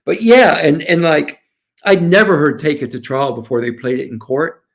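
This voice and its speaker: A man in his sixties from the Southern United States, a defense lawyer talking as a guest in a casual interview, animated and quoting others as he tells stories. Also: on the high side, moderate pace, vocal fry. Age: 60s.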